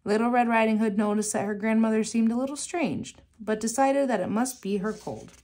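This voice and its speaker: A woman reading a children's picture book aloud in a gentle, measured storytelling manner. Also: a little high.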